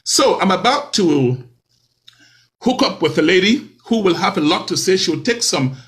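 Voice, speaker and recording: A man hosts a talk show in a high, bright voice. His pitch swings widely as he preaches at his audience and piles up rhetorical questions. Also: lively intonation, moderate pace. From Cameroon. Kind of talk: hosting a video talk show.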